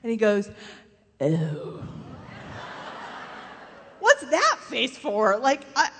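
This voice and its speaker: A woman giving a humorous faith testimony to a live audience, telling animated stories, acting out other people's voices and laughing often. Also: fairly high pitch, measured pace, a little hiss or hum. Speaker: speaker giving a faith talk. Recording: long hall reverb.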